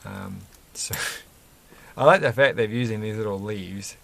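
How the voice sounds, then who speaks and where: A man's voice: on the low side, unhurried, fairly bright tone. A man chatting casually and rambling while building a Lego set, often chuckling and correcting himself.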